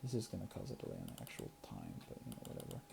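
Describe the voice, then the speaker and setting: Racing along with vocal fry, this extremely low voice swings hugely in pitch over background noise. A creator chats casually to themselves while gaming, counting under their breath, chuckling, and occasionally whispering.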